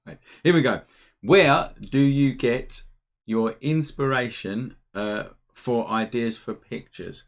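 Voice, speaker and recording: A man's voice: mid-range voice, slow. A man hosting a casual live photography Q&A from home, chatty and upbeat. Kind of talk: casual live-stream chat. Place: home room, indoors.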